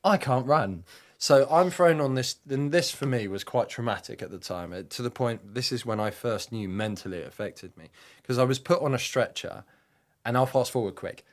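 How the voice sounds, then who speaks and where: A man's voice: mid-range voice, moderate pace. A man in his thirties, a podcast guest and army veteran, telling a rambling, vivid war story with plenty of swearing. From United Kingdom. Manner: acts out quotes in a raised voice.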